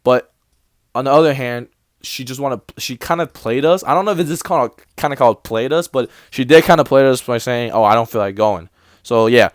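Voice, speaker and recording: A young man in college recounts a personal story in a casual storytime vlog. His voice is smooth and clear at an ordinary pitch. He rambles, restarts his sentences and acts out quoted exchanges, recorded dry with no room sound. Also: fairly quick, no room sound. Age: young adult. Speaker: vlogger telling a story.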